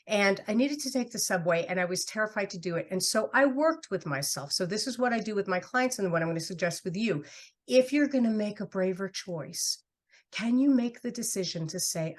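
A woman from New York City speaks as a guest on a podcast, earnest and candid. Her voice sits at an ordinary middle pitch, and she sounds encouraging and warm toward her listeners. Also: expressive, moderate pace. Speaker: guest author and coach. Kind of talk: conversational podcast interview.

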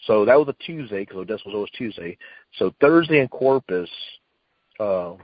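Rambling middle-aged man, low voice. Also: expressive, moderate pace, no room sound, highs cut off. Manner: rambling, many fillers and restarts, acts out quotes. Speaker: retired wrestler guest. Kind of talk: casual storytelling.

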